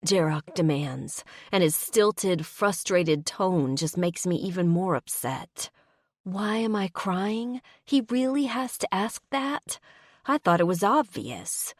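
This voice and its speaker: Brief: slow, low female narrator for an emotional romance audiobook. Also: no echo, clean studio sound.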